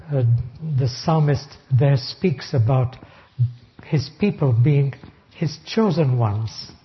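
Slow, deliberate male preacher. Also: fairly high pitch, highs cut off. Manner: slow, deliberate reading of scripture with emphatic rises. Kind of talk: sermon, Bible exposition.

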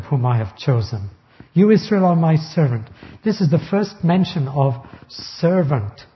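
A man preaching a sermon, reading scripture slowly and deliberately and stressing key words. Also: on the high side, lo-fi sound. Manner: slow, deliberate reading of scripture with emphatic rises. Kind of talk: sermon, Bible exposition.

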